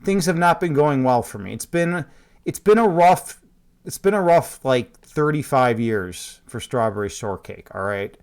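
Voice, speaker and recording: A man's voice: mid-range voice, lively intonation, measured pace, darkish tone, clean tone, voice pushed down. Strawberry Shortcake, washed-up and gloomy, as a man puts her on.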